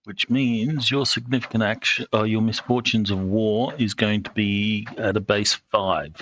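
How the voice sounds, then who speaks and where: A man acting as game master over voice chat, pausing often with ums and uhs as he calls for rolls. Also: fairly low pitch, steady tone, a bit bright. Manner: halting, with many ums and uhs. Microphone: online call mic. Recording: dull lo-fi mic with faint noise.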